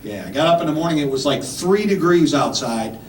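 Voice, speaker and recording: A man's voice: a little high, animated, brisk. Fifty-something man doing stand-up, echoey club. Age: 50s. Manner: punchy, rambling delivery with frequent "right?" and "man". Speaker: stand-up comedian. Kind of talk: stand-up comedy set. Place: comedy club stage. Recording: echoey club mic heard from far off, audience noise. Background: audience laughter.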